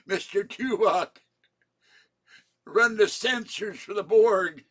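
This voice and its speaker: An older man putting on the voice of a brisk, commanding woman starship captain, barking orders in a raised voice. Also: high-pitched, fairly bright tone, voice pushed up. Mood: bossy.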